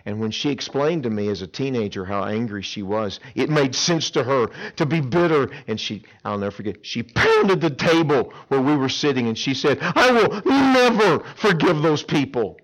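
A man preaching a sermon at a camp, telling stories with dramatic swings between loud emphasis and hushed pleas. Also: medium pitch, lively intonation, moderate pace, few pauses. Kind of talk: sermon with storytelling. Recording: dull lo-fi sound.

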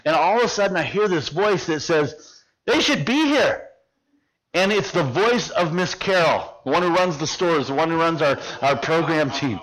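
Middle-aged male preacher, high voice, vivid storyteller who acts out the scene. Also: moderate pace, poor audio. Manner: animated storyteller, acting out dialogue, drops to hushed tones. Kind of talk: sermon with personal story.

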